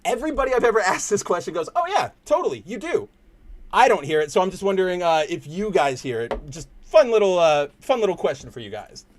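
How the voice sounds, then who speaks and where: A man's voice: high voice, expressive, fast talker, few pauses, slight background noise. A young man with a Californian accent, hosting a casual livestream and rambling to his chat in slangy, loose talk. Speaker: stream host.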